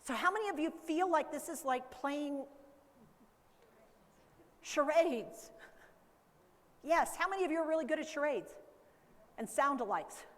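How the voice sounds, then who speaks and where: A woman educator giving a lively conference talk, acting out baby talk and caregiver voices along the way. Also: high-pitched, a little slow, pauses often, long reverb tail. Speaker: dementia care educator. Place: conference hall.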